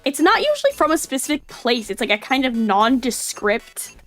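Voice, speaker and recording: A woman's voice: high-pitched, normal speed. A woman chatting casually on a live stream, rambling with lots of fillers over faint background music. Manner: rambling, filler-heavy, animated.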